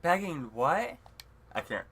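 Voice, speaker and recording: A young man co-hosting a let's play, reading game lines slowly, giggling and tripping over words. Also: a little high, big pitch swings, fairly bright tone, slightly rough. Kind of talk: playing a dating game with a friend.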